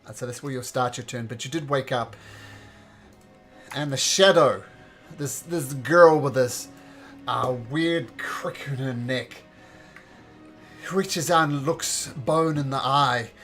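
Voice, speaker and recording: A man narrating a tabletop game as game master, halting with fillers and restarts. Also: medium pitch, a bit bright, soft background music.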